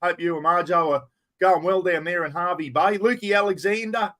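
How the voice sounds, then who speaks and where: A man's voice: high voice, fairly quick, bright, forceful tone. A middle-aged man with an Australian accent, hosting a casual live chat, greeting viewers by name and swearing in an easy way. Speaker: livestream host. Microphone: plugged-in microphone.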